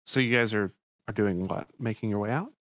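Low-voiced man as game master. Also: a little fast, fairly bright tone, no room sound, studio quality. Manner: rambling, self-correcting descriptions. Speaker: dungeon master. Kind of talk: narrating a tabletop game.

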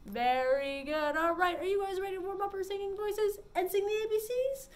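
High-voiced lively woman librarian. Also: normal speed, few pauses, slight background noise. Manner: animated, sing-song, exaggerated pitch swings. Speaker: children's librarian. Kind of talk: virtual story time for children.

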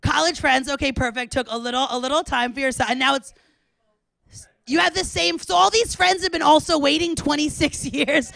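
High, excitable woman host with a gravelly edge. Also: fairly quick, no room sound. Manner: excitable, loud, laughs often. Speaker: comedian host. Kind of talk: live crowd work at a club. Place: small club, indoors.

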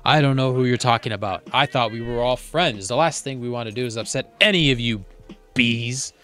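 A man's voice: medium pitch, fairly quick, a bit bright, close to an everyday voice. Guy doing a sly grocery stock guy, fake friendly.

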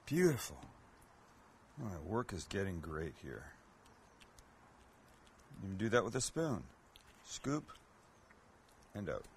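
A man's voice: deep voice, sing-song, slow, pauses often, slight background noise. A man hosting a cooking show, chatting casually and joking with self-mocking asides as he cooks. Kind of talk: casual cooking demo chat.

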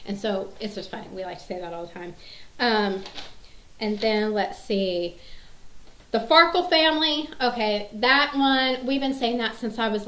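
A woman's voice: medium pitch, reverberant, rough recording. A woman in her thirties chatting casually to camera, rambling with many fillers and restarts. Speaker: mom sharing favorite movie quotes.

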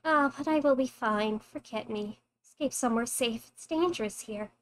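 A woman streamer reading a loyal, wounded adult maid aloud from a horror game, with soft, urgent pleading. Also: fairly high pitch, moderate pace, lightly acted.

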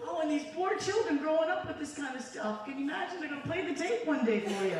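A woman evangelist preaches in a conversational, testifying style, throwing call-and-response asides to the congregation. Her voice sits a little high. It was filmed from across a very echoey church, and the crowd is clearly heard around her. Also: lively intonation, quick pace, recorded from a distance. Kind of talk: sermon with testimony. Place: church sanctuary. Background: congregation audible.

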